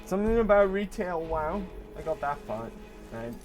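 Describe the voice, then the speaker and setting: A man's voice: fairly high pitch, sing-song, normal speed, soft background music. A middle-aged man streaming a game live, chatting casually and teasing viewers with jokes and the odd curse word. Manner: joking, teasing banter with occasional swearing. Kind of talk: casual live-stream chat while playing.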